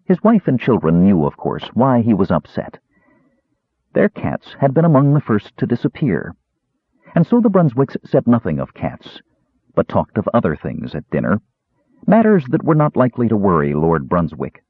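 A man narrating a fantasy audiobook in a measured, expressive storytelling manner. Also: lowish voice, breathy edge, no room sound. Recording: dry, tinny phone-like sound.

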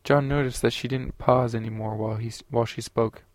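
Man, audiobook narration, steady and unhurried, even flat pitch, dry close sound. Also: no echo.

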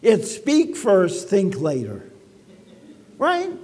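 A man's voice: sits high, huge pitch swings, very slow, darkish tone, slightly rough, in a large hall. A man preaching a sermon as pastor, speaking conversationally and dropping quips and asides to the congregation.

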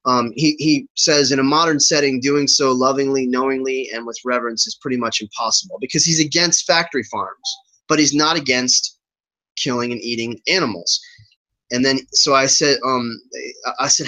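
A man's voice: medium pitch, normal speed, pushed and bright, rough recording. A man on a podcast talking casually, animatedly retelling an online argument and quoting both sides. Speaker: podcast guest. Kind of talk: casual conversation.

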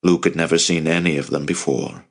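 A man narrating a novel as an audiobook in a steady storytelling manner. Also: extremely low pitch, fairly quick, creaky. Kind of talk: scripted narration.

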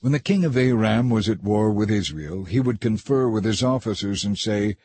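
A man reading a scripture story aloud in a measured, even narrating manner. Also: fairly low pitch, slightly rough, dry recording. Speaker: audiobook reader.

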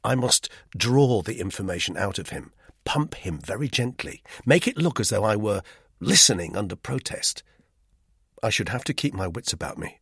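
Husky male audiobook narrator. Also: fairly low pitch, lively intonation, moderate pace, fairly bright tone, no room sound, studio quality. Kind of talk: scripted first-person narration.

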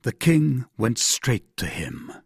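A man narrating a classic novel as an audiobook, with an expressive, measured reading. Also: mid-range voice, vocal fry, slightly rough, no room sound, studio quality.

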